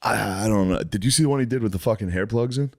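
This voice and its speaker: A man co-hosting a podcast, telling animated stories and laughing often. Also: on the low side, fast, no room sound, clean studio sound. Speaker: podcast co-host. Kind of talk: casual chat.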